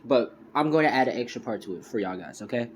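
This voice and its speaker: A man talks fast and animatedly in a mid-range voice, making up a fan story as he goes. It's loose and rambling, with frequent self-corrections and plenty of "you know" and "you could say," and there's a little hiss or hum.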